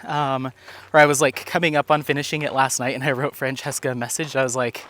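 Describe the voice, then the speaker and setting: A man's voice: medium pitch, little pitch movement, quick pace, a bit bright. A man vlogging while out on a walk, chatting casually and rambling, a little out of breath. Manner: chatty, rambling, filler-heavy. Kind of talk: casual chat while walking. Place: outdoors on a walk.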